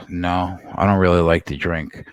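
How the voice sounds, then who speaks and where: A man with a very deep voice co-hosts a casual podcast chat. He sounds dry and close to the mic. He is blunt and profane, with mock-dramatic flair. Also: a bit bright, clear, resonant tone, no room sound.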